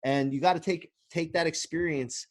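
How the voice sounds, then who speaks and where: A man's voice: fairly high pitch, fairly even intonation, normal speed, no echo, studio quality. A man hosting a podcast, asking long rambling questions in a chatty, casual way. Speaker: podcast host.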